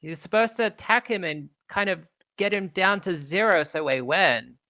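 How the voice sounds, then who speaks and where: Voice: medium pitch, moderate pace, pushed and bright, dry recording, voice pushed up, lightly acted. A game master voicing a bossy female elemental sister who scolds her teammate. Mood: scolding.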